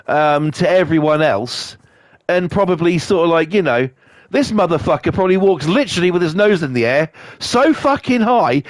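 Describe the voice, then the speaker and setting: A man streaming to a live chat, ranting angrily and swearing a lot, coughing now and then. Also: dry recording. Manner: angry, sweary rant with big pitch swings.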